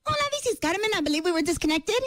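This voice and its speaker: A woman radio host putting on a nosy female mover named Carmen for a prank call, with a very high helium-like voice and a prying, sassy manner. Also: big pitch swings, rapid-fire, no room sound, studio quality. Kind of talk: prank phone call bit.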